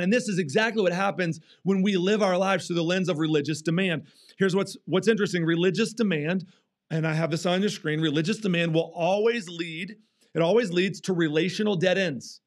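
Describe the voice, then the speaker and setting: A male pastor preaching a sermon in church, acting out quoted complaints with restarts and fillers. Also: high voice. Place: church stage.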